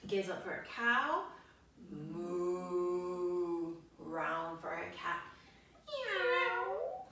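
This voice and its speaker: A woman guiding a kids yoga class as the teacher, giving gentle, slow spoken cues. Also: on the low side, animated, gravelly, a little hiss or hum. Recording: very echoey room, voice from far off.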